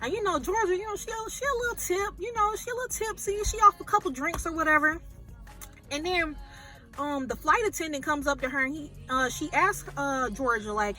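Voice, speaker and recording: A woman reviews a movie by retelling its plot in a lively, chatty way. Her voice is high and bright. Faint music plays underneath. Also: fairly quick. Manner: animated, chatty storytelling with fillers. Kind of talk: casual retelling of a film plot.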